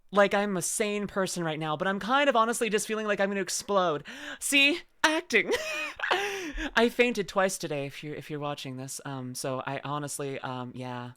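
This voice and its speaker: A young woman VTuber host chatting casually, excitable and bubbly. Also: on the low side, clean tone. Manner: excitable, bubbly, quick to laugh. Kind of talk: casual reaction chat.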